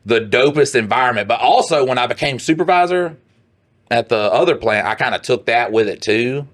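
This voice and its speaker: A man co-hosting a podcast, telling a profane, animated story in casual chat and putting on voices for the people he quotes. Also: medium pitch, a little fast. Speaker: podcast co-host.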